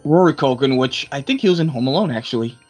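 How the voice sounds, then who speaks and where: A man co-hosting a podcast in casual chat, animated and sometimes trailing off to restart his thoughts. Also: medium pitch, fast, faint music behind. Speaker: podcast co-host.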